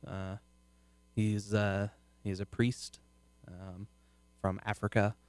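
A man chatting casually about a TV show as co-host, rambling and restarting, often trailing off quietly. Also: lowish voice, level tone, slow pace, clear, resonant tone, no echo. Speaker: podcast co-host.

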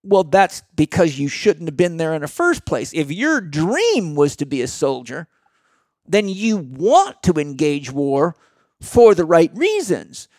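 A man's voice: a little high, very animated, measured pace, darkish tone, no echo, clean studio sound. A middle-aged man speaking as a guest in a blunt, emphatic motivational talk.

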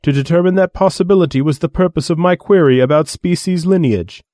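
A man putting on a haughty alien envoy for an audiobook story. He lectures in a raised, pompous voice, mellow and dry. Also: fairly high pitch, a little fast, no echo, pitched above the performer's own voice, close to an everyday voice. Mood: condescending. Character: haughty male alien envoy, condescending and disdainful.

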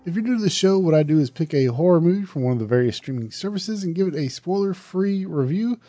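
Man, southern accent, podcast host, chatty and loose, mellow voice, dry close sound. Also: on the high side, animated, quick pace, dry recording. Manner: chatty, self-correcting, loose and conversational. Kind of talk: casual solo podcast talk.

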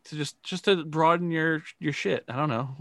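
A man's voice: on the high side, moderate pace, a bit bright, dry recording, studio quality. A man leading an improv practice among friends, explaining at length with many restarts. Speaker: improv teacher. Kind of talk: casual improv practice chat.

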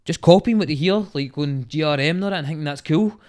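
Rapid-fire Scottish man, blunt and sweary. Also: on the high side, darkish tone. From Scotland. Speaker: rapper guest. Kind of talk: casual podcast chat.

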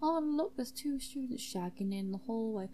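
A tipsy woman voicing a cocky male knight in a lowered, deadpan mumble. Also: moderate pace, a little hiss or hum, lightly acted.

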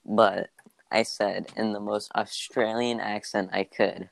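A young man chatting casually as a podcast co-host, joking and teasing with deadpan asides. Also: on the low side, takes it slowly, creaky, dry recording, low-quality recording. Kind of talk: casual chat.

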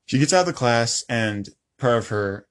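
A woman's voice: extremely low pitch, animated, moderate pace. A young woman co-hosting a casual podcast, teasing her sister and laughing often. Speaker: podcast co-host.

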